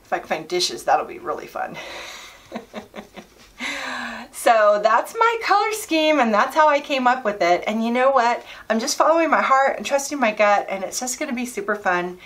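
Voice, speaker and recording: Chatty, excited woman vlogger. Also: on the high side, normal speed. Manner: chatty and enthusiastic, laughs often. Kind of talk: casual chat.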